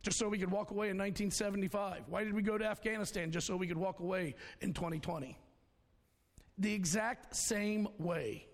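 Casting: high-voiced, gravelly man, pastor preaching in a reverberant church, folksy and fiery. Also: fairly even intonation, a little fast. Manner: folksy, preachy, swings between shouting and hushed tones. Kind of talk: sermon. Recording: long hall reverb.

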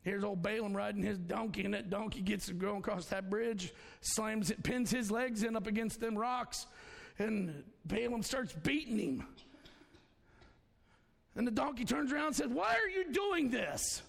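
A male pastor preaching a folksy sermon, swinging between shouts and hushed asides. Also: sits high, moderate pace, creaky. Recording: long hall reverb.

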